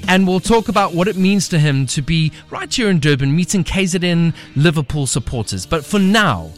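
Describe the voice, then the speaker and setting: A man hosting a radio show, asking questions in an enthusiastic, lively way. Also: a little high, normal speed, soft background music. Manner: lively, enthusiastic, laughs often. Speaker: radio host. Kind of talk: upbeat radio interview. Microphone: studio mic.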